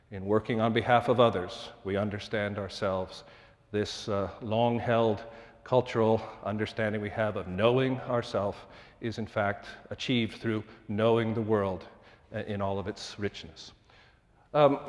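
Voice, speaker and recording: A middle-aged man giving a public lecture on architecture, measured and formal, with frequent fillers and restarts. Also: lowish voice. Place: lecture hall with long reverb. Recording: lecture hall reverb.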